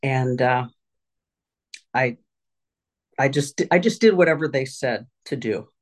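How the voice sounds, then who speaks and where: Candid middle-aged woman sharing her recovery. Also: extremely low pitch. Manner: candid, halting, many fillers and restarts. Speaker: recovery meeting speaker. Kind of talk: personal recovery share at a support meeting. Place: her home office.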